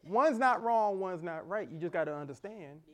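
A middle-aged man, a pastor, preaching an animated sermon with laughter and acted-out dialogue. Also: sits high, moderate pace.

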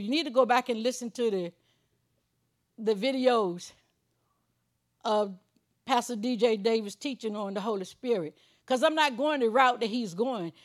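Woman pastor, high voice, sermon delivery, repeats points and builds to emphatic peaks. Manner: preaching, building to emphatic raised passages; repeats key lines for emphasis.

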